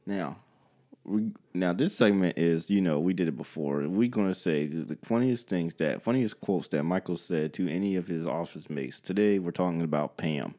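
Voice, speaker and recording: A man with a fairly low voice, co-hosting a loose comedy podcast. He riffs through absurd what-if scenarios and keeps breaking into laughter. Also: moderate pace. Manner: laughs often, trails into loud high laughter. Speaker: podcast co-host. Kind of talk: casual comedic banter.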